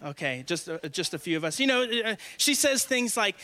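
Young male guest preacher, high and bright, joking with the congregation as he speaks. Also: big pitch swings, moderate pace, hardly any pauses. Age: 20s. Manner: joking, asks the congregation questions. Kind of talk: humorous conversational sermon. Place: church before a congregation.

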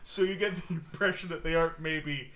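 A man's voice: fairly high pitch, steady tone, fairly quick, very noisy. A man narrating a tabletop game as game master, rambling with many fillers. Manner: rambling, filler-heavy narration with bursts of silly voices.

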